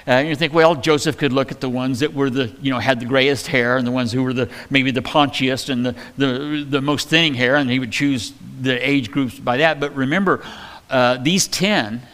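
Man, pastor, conversational Bible teaching, joking asides, mid-range voice. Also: medium pitch. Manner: relaxed and chatty, with joking asides.

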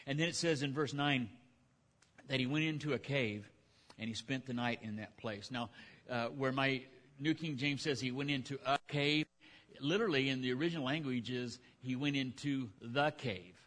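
A man's voice: mid-range voice, normal speed, a bit bright. A male pastor preaching in a loose, conversational manner. He retells scripture in plain everyday speech, with the ease of someone talking to his own congregation. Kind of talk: sermon.

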